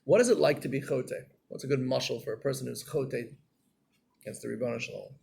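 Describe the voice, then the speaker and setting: A man giving a Torah class in a storytelling way, acting out scenes and getting loud and animated. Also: medium pitch, a little fast, vocal fry, slightly rough.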